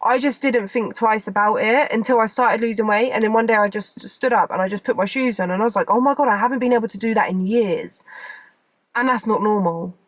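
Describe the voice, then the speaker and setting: A woman's voice: medium pitch, no room sound. A young woman, chatting casually to camera as a vlogger, rambling and repeating herself.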